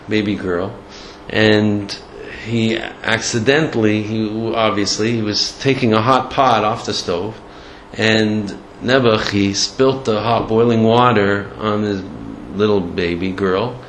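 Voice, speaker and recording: A man giving a storytelling Torah lecture in a halting way, with many restarts and Hebrew and Yiddish terms. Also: lowish voice, steady tone. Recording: echoey room, faint background noise.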